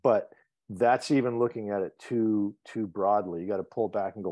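A man's voice: fairly low pitch, a little fast, mellow, dry recording. Joking man hosting a podcast. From Cambridge, Massachusetts. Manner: joking, swearing, playful storytelling. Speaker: podcast host. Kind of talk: casual chat.

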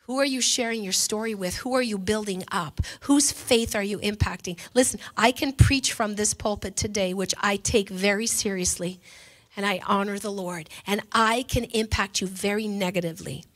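A woman pastor preaching a sermon from a church pulpit, impassioned and swinging between hushed and loud passages. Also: medium pitch, moderate pace.

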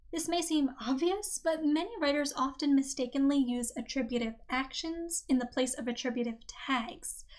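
A woman hosting a writing-advice podcast, reading a script in a clear, measured way. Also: high voice. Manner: clear, measured delivery, reading examples aloud. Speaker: podcast host.

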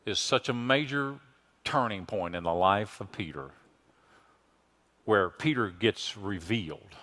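A man preaching a sermon as pastor, emphatic, swinging from hushed lines to loud exclamations. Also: mid-range voice.

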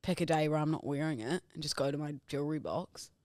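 A woman's voice: low-pitched, quick pace, a little mellow, no echo, clean studio sound. Playful young woman, podcast co-host. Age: 20s. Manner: playful, teasing banter. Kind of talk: casual chat.

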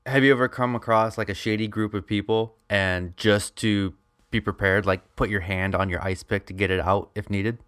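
A man co-hosting a podcast who chimes in with quick, joking quips in casual chat. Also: lowish voice, steady tone, fairly bright tone, smooth, no echo, studio quality. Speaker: podcast co-host.

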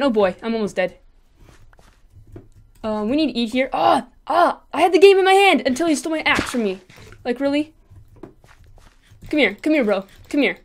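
Excitable high-voiced woman gaming. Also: normal speed, long pauses. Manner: excitable, chattering to herself and taunting opponents. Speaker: gaming channel host. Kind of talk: live gameplay commentary.

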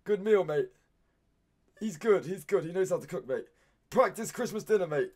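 A British man streaming live, reacting to viewers' meals with excited outbursts and constant "mate". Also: high-pitched, normal speed.

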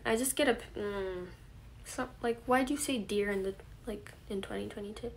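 A 21-year-old woman hosting a casual live stream, reading viewer comments aloud and answering them in a relaxed way. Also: mid-range voice, moderate pace, vocal fry. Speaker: livestream host. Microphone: phone camera.

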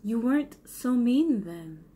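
A woman's voice: high voice, lively intonation, slow, pitched above the performer's own voice. A tipsy woman voicing a firm, blunt teenage boy who needles and questions. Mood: needling.

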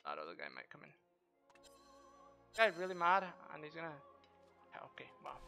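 A man streaming a game with casual, profane commentary, trash-talking and shouting during fights. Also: a little high, wildly swooping pitch, soft background music. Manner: brash, profane, quick to trash-talk. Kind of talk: live gameplay commentary.

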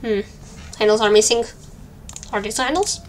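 A woman's voice: on the high side, lively intonation, normal speed, slight background noise. A woman streaming a game with casual, joking commentary and flustered muttering. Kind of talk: casual let's-play commentary.

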